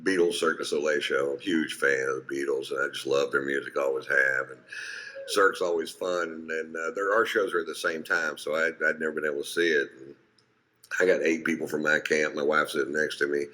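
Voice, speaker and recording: A man's voice: very deep voice, fairly even intonation, a little fast. A man doing stand-up comedy, telling a profane story and putting on voices for the people in it. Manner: profane, storytelling with put-on quotes. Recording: played stand-up clip with loud crowd noise. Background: audience laughter.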